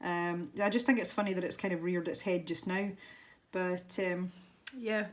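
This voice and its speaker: A young woman with a soft west-of-Scotland accent talks through a colouring tutorial in a casual, rambling way. Her voice sits a little low for a woman, and she pokes gentle fun at herself as she chats. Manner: chatty and rambling, self-deprecating. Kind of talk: casual chat while colouring.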